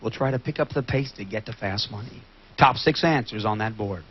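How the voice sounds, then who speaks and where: A man hosting a TV game show, brisk and joking, repeating answers aloud. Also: lowish voice, husky. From Kentucky. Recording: dull lo-fi TV studio recording with loud audience.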